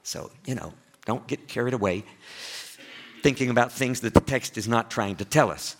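A man with an East Texas accent preaching a sermon as pastor, chatty and full of questions to his listeners, with big swings in pitch and loudness for emphasis. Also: normal speed. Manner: conversational, asks the listeners frequent questions.

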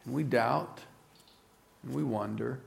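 A man preaching a sermon in an earnest, reflective way, often dropping to a soft, low voice. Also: takes it slowly, vocal fry.

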